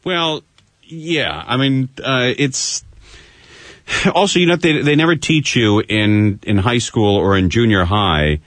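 A man's voice: mid-range voice, takes it slowly, a bit bright, no echo. A man hosting a radio talk show, chatting loosely and teasing his co-host, speaking into a studio microphone. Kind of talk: casual radio chat.

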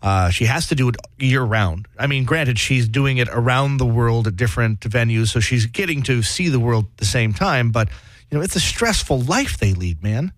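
A man's voice: medium pitch, animated, normal speed, dry recording. A man co-hosting a casual podcast, explaining his point in easy banter. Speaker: podcast co-host. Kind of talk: casual chat.

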